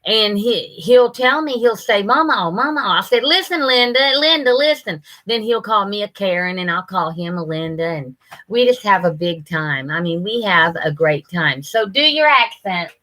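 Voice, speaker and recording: A woman's voice: fairly low pitch, moderate pace, fairly bright tone. An older woman hosting a casual live stream, chatting with viewers and greeting them by name, often laughing.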